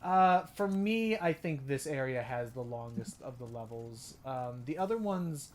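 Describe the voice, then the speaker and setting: A man's voice: medium pitch, animated, a little slow, darkish tone. A man casually commentating while playing a video game, chatty and full of restarts. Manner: chatty, narrates his play with restarts. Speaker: game streamer. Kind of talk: let's play commentary.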